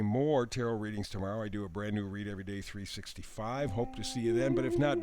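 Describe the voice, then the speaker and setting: Male tarot reader, lowish voice, dry close sound, calm and encouraging. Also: dry recording. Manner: gentle, encouraging, affirming. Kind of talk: daily tarot reading.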